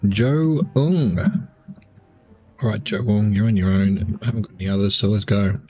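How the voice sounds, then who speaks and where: Relaxed and eating as he plays, a male streamer mumbles commentary on his game, sometimes speaking through a full mouth. His voice is lowish and his pace moderate, over soft background music.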